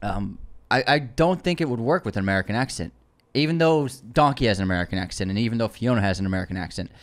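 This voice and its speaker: A man's voice: on the low side, lively intonation, fast talker. A man co-hosting a movie podcast, chatting at length and arguing his point with his co-host. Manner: talkative, defensive in friendly argument. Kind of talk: casual movie podcast chat.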